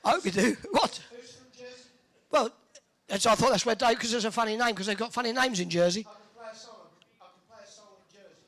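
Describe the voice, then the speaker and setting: A tournament MC, joking and teasing the audience during crowd warm-up banter in an indoor arena. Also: medium pitch, fast, pauses often.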